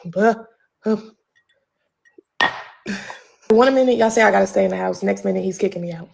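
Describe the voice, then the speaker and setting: A woman's voice: medium pitch, normal speed, vocal fry, pauses often, a little mellow. A pregnant woman ranting on a livestream from home, profane and confrontational with a drawling delivery.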